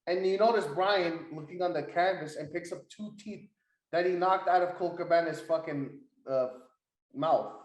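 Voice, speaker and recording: A young man co-hosting a casual wrestling podcast, excitable and swearing as he retells segments. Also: on the high side, moderate pace, echoey room, low-quality recording. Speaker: podcast co-host.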